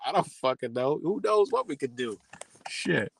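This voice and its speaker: Gravelly-voiced man rambling on a livestream. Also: a little high, lively intonation, normal speed, dry recording. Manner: loose, profane, conversational. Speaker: livestream host. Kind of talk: casual rambling livestream talk.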